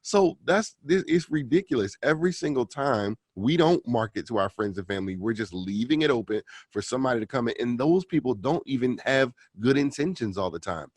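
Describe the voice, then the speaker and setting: A man's voice: mid-range voice, animated, brisk, few pauses, a little mellow, dry recording. A man on a podcast talking casually and persuasively about selling to friends and family. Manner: casual, persuasive, repeats "right?". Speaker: podcast co-host, car salesman.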